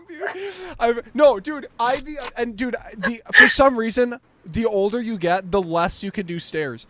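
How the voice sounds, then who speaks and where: A young man hosting a comedy podcast, telling profane stories in an animated way and acting out scenes with sound effects. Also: extremely high pitch, unhurried, few pauses. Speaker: podcast host. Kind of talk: casual comedic storytelling.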